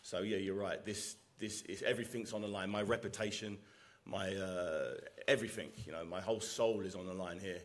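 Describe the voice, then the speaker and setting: A man answers press questions as a boxer, his voice sitting a little on the low side. He talks earnestly and leans on repetition to stress his points. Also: steady tone, fairly quick. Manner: earnest, repeats words for emphasis. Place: press conference.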